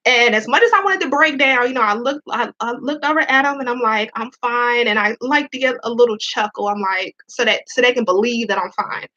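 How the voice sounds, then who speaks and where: Woman, near tears, candid and profane, bright higher voice, dull lo-fi sound. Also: brisk, hardly any pauses. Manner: candid, profane, repeats herself. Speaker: Navy veteran and police officer. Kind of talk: emotional personal storytelling to viewers.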